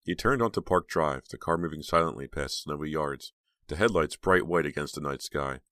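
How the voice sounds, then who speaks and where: Man with a very deep voice. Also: moderate pace, a bit bright, dry recording, studio quality. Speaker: audiobook narrator. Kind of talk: scripted narration.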